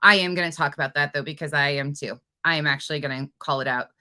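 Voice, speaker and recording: A woman hosting a true crime livestream, chatting casually and reading viewer comments aloud in an energetic, expressive way. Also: low voice, fast talker.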